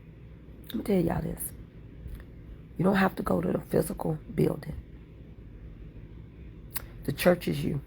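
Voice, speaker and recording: Fervent gravelly woman preaching on livestream. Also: lowish voice, fairly even intonation, a little slow, pauses often, darkish tone, a little hiss or hum. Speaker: livestream content creator. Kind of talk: impassioned livestream talk.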